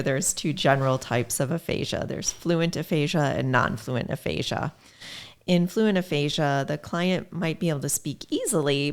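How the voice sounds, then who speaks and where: A speech pathologist guest on a podcast talks in a measured, explanatory way. Her voice sits very low and has a gravelly fry running through it. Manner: measured, explanatory, lively when telling stories.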